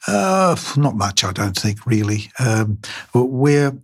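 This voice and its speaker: An older man, a craniofacial surgeon, answering interview questions in a halting way with many fillers and restarts. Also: medium pitch, big pitch swings, breathy edge. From Australia.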